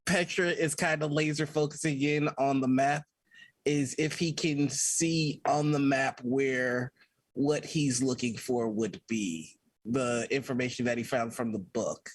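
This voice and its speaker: A man's voice: mid-range voice, a little slow, no room sound. A man playing a tabletop game, explaining what his character looks for in a searching, hesitant way. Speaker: player. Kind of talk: describing his character's actions.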